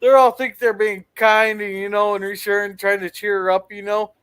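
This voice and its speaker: High-voiced man groping for words. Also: flat delivery, normal speed, fairly bright tone, clean tone, no room sound. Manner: hesitant, searches for words. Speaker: panel guest. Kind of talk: casual chat.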